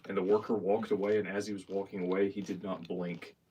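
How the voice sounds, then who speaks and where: A man casually telling a story to a streamer in an animated way. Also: low voice, brisk. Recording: distant off-mic voice with faint noise.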